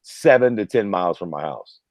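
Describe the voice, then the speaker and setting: A man's voice: sits low, animated, moderate pace, darkish tone, no room sound. A man in his thirties from Ohio, co-hosting a podcast in casual, profane chat, telling stories and acting out quotes. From Ohio, USA. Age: 30s. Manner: profane, storytelling, acts out quotes. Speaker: podcast co-host.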